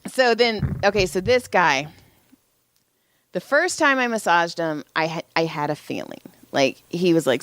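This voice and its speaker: A woman's voice: on the low side, lively intonation, normal speed, no echo. A woman co-hosting a podcast, casually telling stories with profanity and acting out the voices of people she quotes. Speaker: podcast co-host; massage therapist. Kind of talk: casual storytelling chat.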